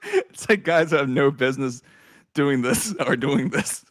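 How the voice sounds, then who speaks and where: His pace is a little slow, and the recording is dry and clean, studio-style. The speaker, a man in his thirties, hosts a podcast where he tells stories animatedly in casual chat, swinging widely, laughing, swearing, and shouting at the highs.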